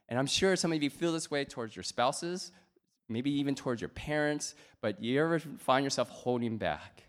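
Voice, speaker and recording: A man in his thirties delivers a sermon in a spacious hall, his words trailing off into long reverb. His storytelling is animated and playful, with a lively, wide-ranging pitch. He moves between loud, excited stretches and quieter, softer ones. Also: fairly quick. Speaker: pastor.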